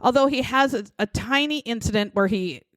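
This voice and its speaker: A woman's voice: fairly high pitch, brisk, fairly bright tone, dry recording. A woman co-hosting a podcast, casually retelling a true-crime story with swearing and quoted voices. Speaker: podcast co-host.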